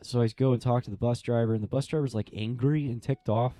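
Fast-talking and medium-pitched, a young priest recounts a personal story during a casual interview with no room sound. His delivery is animated, he acts out the voices he quotes, and he uses "like" frequently.

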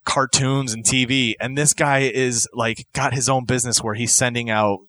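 A man's voice: mid-range voice, fairly even intonation, normal speed, sharp tone, no room sound. A man co-hosting a podcast, talking casually and enthusiastically, rambling with restarts. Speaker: podcast co-host. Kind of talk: casual chat.

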